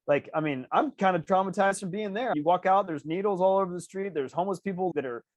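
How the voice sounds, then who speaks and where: Fast-talking, animated male podcast host. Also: high-pitched, no room sound. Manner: animated storyteller, acts out voices. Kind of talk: casual discussion.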